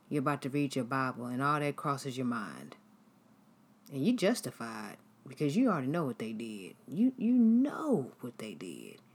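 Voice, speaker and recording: A woman giving a devotional teaching, telling everyday stories in a conversational, animated way. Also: low voice, breathy edge. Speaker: devotional speaker.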